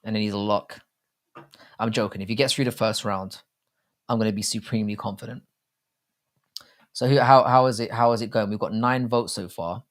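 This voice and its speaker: His voice is low and steady, brisk yet punctuated by long pauses. As a livestream host, he rambles through crude, jokey chat about fight betting, restarting often.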